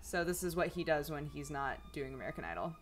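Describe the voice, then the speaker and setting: A woman's voice: sits low, animated, fast, slight background noise. A young adult woman chatting casually at home in a rambling vlog, full of fillers. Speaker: vlogger. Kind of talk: casual chat.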